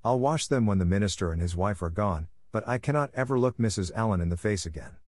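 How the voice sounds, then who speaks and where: A man's voice: fairly low pitch, lively intonation, fast talker, darkish tone, no room sound. A man reading as a dramatic orphan girl. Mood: despairing. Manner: gushing, dramatic pleading. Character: dreamy excitable orphan girl.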